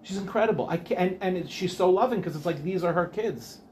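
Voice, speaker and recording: A man's voice: high voice, fast, a little mellow, a little hiss or hum. A man, a rabbi, giving an informal Torah class, chatty and rambling, often breaking off to ask the audience questions. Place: Ramat Beit Shemesh.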